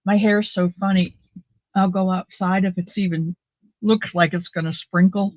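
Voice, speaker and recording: A woman hosts a casual livestream on a built-in mic, and the audio comes through dull and lo-fi with no echo. She rambles and chats with lots of fillers, greeting viewers by name. Her medium-pitched voice has a darkish tone, fairly even intonation, and a moderate pace.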